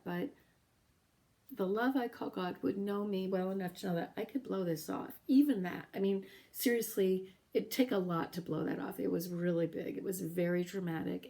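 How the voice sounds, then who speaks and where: A middle-aged woman with a warm, mellow and somewhat low voice tells a personal story. She speaks earnestly and with feeling, often breaking off with halting pauses. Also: vocal fry. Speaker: podcast host sharing her story.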